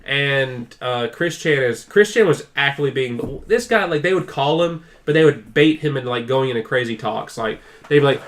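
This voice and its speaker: Man, casual podcast chat, rambling, lots of "like", mid-pitched voice, acts out quotes. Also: a little fast, few pauses, a bit bright. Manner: rambling storyteller, heavy use of "like"; acts out quoted people with raised intensity. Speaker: podcast co-host.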